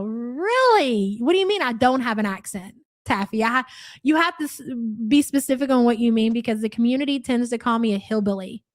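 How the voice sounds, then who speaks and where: Young woman, Louisville accent, reaction-stream host; blunt, profane, sarcastic delivery, pitched a bit high. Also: expressive, brisk, no room sound, studio quality. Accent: Louisville Kentucky. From Louisville area, USA. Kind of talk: live-stream reaction commentary, reading chat.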